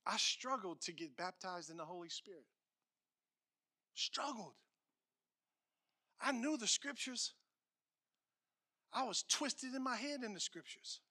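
A man preaching as a pastor, emphatic and repetitive, swinging between loud declarations and hushed lines. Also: sits high, expressive, unhurried, pauses often. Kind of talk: sermon.

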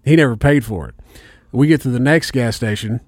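Profane, animated male storyteller. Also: medium pitch, brisk, no echo, clean studio sound. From Indiana. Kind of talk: casual storytelling.

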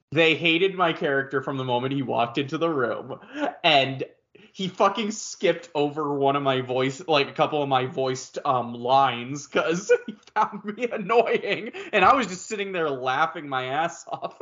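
A voice actor chatting on a podcast, animated and profane, breaking into laughter often. His voice sits a little high. The recording is dull and lo-fi. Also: a little slow. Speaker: voice actor guest. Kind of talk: casual podcast chat.

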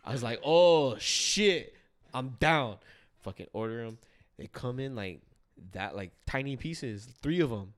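A man's voice: medium pitch, moderate pace. Laid-back, cussing young man telling stories. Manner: laid-back, swears a lot, animated storytelling. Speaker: vlogger visiting old friends. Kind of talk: casual chat.

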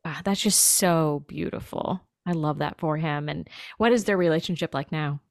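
A woman's voice: low voice, moderate pace, vocal fry, no echo, studio quality. A woman hosting a podcast interview, affirming her guest and reacting with feeling. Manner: warm, affirming listener, emotional. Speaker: podcast host. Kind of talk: casual interview.

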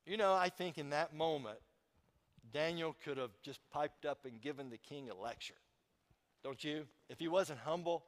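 A man's voice: on the high side, normal speed, big-room sound. A man preaching a sermon as pastor in a church, talking conversationally with emphatic bursts and questions to the congregation.

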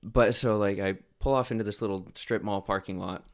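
Young man from idaho, very deep voice, gravelly, relaxed storyteller. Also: brisk. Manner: relaxed, laughs while telling stories, many fillers. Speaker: guest. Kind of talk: casual storytelling.

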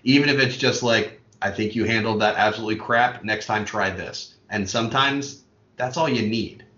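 A man's voice: lowish voice, bright, forceful tone. Rambling storyteller man from Maryland, roomy lo-fi sound. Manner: rambling storyteller, quick asides. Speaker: podcast co-host. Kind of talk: casual chat.

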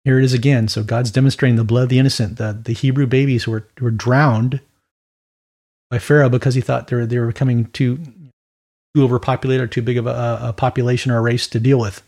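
Male preacher, mid-pitched and raspy, chatty and animated Bible teaching. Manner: conversational and animated, with quick mock voices and asides.

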